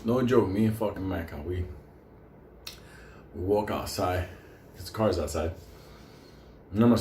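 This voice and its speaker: A man with a lowish voice spins a loose, foul-mouthed yarn, breaking into chuckles as he goes. The sound is roomy, with a faint hiss of background noise behind him. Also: a little slow, long pauses, a little mellow. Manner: swears constantly, laughs between lines. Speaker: storyteller. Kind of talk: casual profane storytelling.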